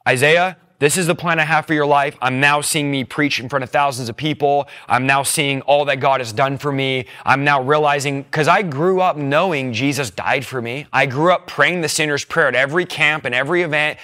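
Bright-voiced young man giving a tearful testimony. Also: mid-range voice, steady tone, normal speed, few pauses. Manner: emotional, earnest storytelling. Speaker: testimony speaker. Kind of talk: personal testimony.

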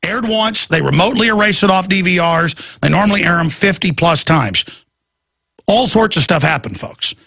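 A man's voice: sits high, lively intonation, normal speed, vocal fry, pushed and bright, dry recording. A man hosting a talk radio show, delivering an urgent, emphatic ranting monologue.

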